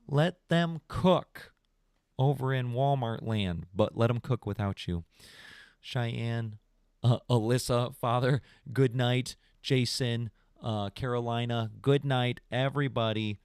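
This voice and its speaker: A young man hosting a podcast stream, telling stories in a rambling, animated casual chat and calling people "bro". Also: medium pitch, clear, resonant tone, no room sound, clean studio sound. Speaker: podcast host.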